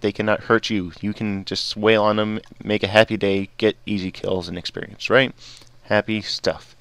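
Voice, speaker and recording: A man's voice: fairly low pitch, a bit bright, clear, resonant tone, no room sound. A man giving casual, rambling gameplay commentary as host of his gaming videos, often digressing.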